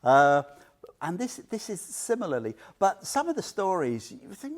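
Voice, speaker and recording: Man, Buddhist teacher, very animated pitch, storytelling, chatty with listeners. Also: unhurried. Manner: animated storyteller, asks listeners questions, laughs often. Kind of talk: informal talk to a small group.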